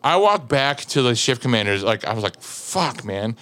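A podcast guest in his thirties, speaking a little fast in a medium-pitched voice, relates a long anecdote in a relaxed chat. Animated throughout, he laughs a lot and fills his sentences with "like".

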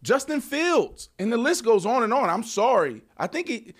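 Animated high-voiced man hosting a sports podcast. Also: normal speed, breathy edge. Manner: animated, laughing, calls people out playfully. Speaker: podcast host. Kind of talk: casual sports chat.

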